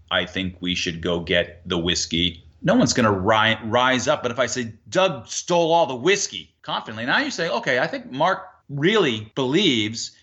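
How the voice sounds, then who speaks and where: A man being interviewed as an author, explaining ideas in an animated way with frequent restarts. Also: medium pitch, highs cut off. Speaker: author guest. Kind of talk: interview answer.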